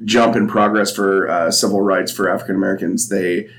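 A man's voice: low voice, steady tone, brisk. A man co-hosting a podcast, rambling and joking in casual chat with plenty of "like" and "uh". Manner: rambling, filler-heavy, joking. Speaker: podcast co-host.

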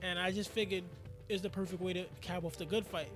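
A man who is a rapper, guest on an interview show, telling stories in lively casual talk and acting out voices. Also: high voice, fast talker, over music. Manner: animated storyteller, acts out quotes.

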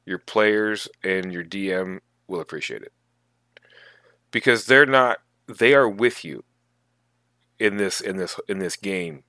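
A man co-hosting a casual podcast, talking in animated, emphatic bursts. His fairly low voice has a bright, forceful edge. The recording is dry, with no room sound. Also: slow, pauses often, no echo. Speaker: podcast co-host. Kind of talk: casual chat about tabletop gaming.

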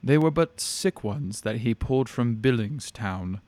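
A man voicing a calm, cruel alien entity with tendrils, explaining its plans in a matter-of-fact, menacing way. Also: mid-range voice, measured pace, no echo, natural voice. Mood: calm menace.

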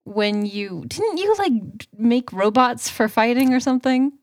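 A woman's voice: on the high side, sing-song, no echo. Teasing woman podcast co-host. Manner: teasing, quick-witted. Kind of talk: casual chat.

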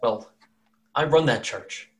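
A man voicing a worn-down but resolute village priest who speaks in a grave, measured way. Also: medium pitch, a bit bright.

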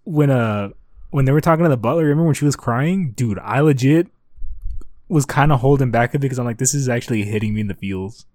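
A man's voice: mid-range voice, quick pace, a little mellow, no echo, studio quality. Laid-back young man, slangy chat. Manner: laid-back, slangy, says bro and dude a lot. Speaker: podcast co-host. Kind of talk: casual chat.

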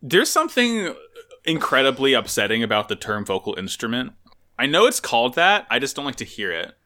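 A man's voice: mid-range voice, sing-song, fairly quick, pushed and bright. A man co-hosting a podcast in casual, joking chat, swearing and laughing often. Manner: jokey, profane, laughs often. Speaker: podcast co-host.

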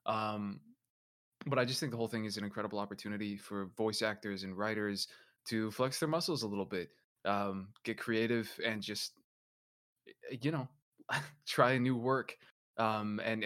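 Chill voice actor dude on a video call, friendly, lower voice, says um a lot. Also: male voice. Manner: relaxed, friendly, with frequent ums. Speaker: voice actor guest. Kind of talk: casual group video-call chat.

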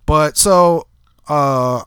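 A man's voice: fairly high pitch, extremely slow, a bit bright, smooth, no echo. A man with a congested, nasal voice from a cold, telling a crude, rambling story on a podcast into a handheld mic. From New Orleans area. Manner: crude, rambling anecdote with frequent asides. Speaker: podcast co-host. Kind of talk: casual storytelling.

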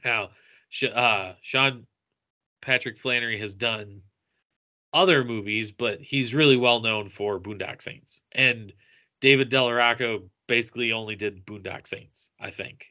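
A man's voice: medium pitch, unhurried, highs cut off. A man on a podcast telling a convention story in casual chat, acting out what people said. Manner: animated, acts out quoted lines. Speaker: podcast co-host.

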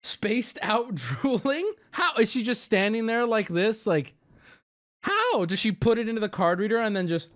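A man's voice: high voice, sing-song, moderate pace, a bit bright. A young man streaming, reacting in casual, blunt, profane chat and laughing often.

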